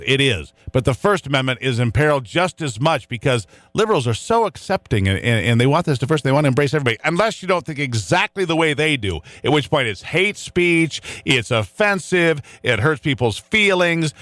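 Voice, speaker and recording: Fiery talk radio host, lively pitch. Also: male voice, fairly quick, few pauses, no echo. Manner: fiery, emphatic, repetitive preaching. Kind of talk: opinionated talk radio monologue.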